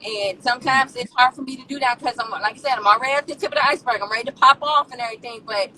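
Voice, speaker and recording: A woman's voice: a little high, racing, bright, forceful tone. Earnest woman on a distant mic. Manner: frank, personal, earnest. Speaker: caller. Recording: distant mic with faint noise.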